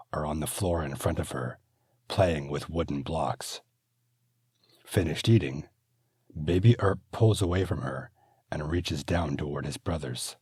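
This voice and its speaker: A man narrating his own fantasy audiobook in a steady, measured manner. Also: extremely low pitch, slightly rough, dry recording, clean studio sound. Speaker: author and narrator.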